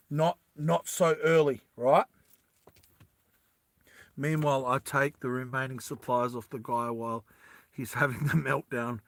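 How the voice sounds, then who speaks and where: A man narrating a tabletop game as game master, in an animated, rambling storytelling style. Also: a little high, dry recording.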